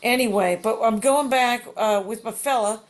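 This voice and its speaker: A woman's voice: fairly high pitch, normal speed. Rambling woman comedian chatting. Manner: rambling, self-deprecating, filler-heavy. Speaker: comedian guest. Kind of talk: casual chat. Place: at home.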